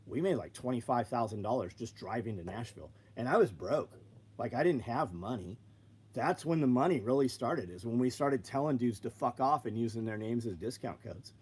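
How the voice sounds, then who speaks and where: A business owner tells blunt, profane stories on a live stream, playing both sides of each conversation himself. His medium-pitched voice is husky and a little mellow.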